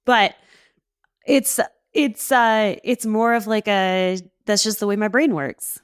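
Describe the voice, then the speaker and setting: A woman's voice: medium pitch, smooth, no echo, studio quality. A woman co-hosting a relationship podcast, teasing her partner in playful casual chat. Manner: playful, teasing, quick interjections. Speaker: podcast co-host, therapist.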